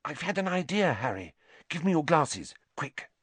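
A man's voice: on the high side, big pitch swings, moderate pace, a bit bright, breathy edge, dry recording, voice pushed up, exaggerated voice. A man doing an eager, clever schoolgirl.

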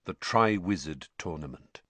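A man narrating an audiobook in an animated storytelling manner. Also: low voice, unhurried, no room sound. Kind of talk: scripted narration.

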